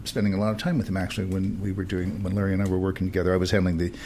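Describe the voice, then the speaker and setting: A man with a somewhat low voice hosts a relaxed arts talk program. He rambles and fills gaps with "uh" and "you know". A faint background hum sits under his speech. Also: very fast. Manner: chatty, rambling with many fillers. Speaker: radio show host. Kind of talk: casual interview chat.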